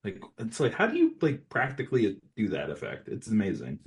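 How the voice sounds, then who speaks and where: A man's voice: on the low side, wildly swooping pitch, a little fast, slightly rough. A man on a podcast chatting about a film, jokey, acting out lines with exaggerated voices. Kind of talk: casual film discussion.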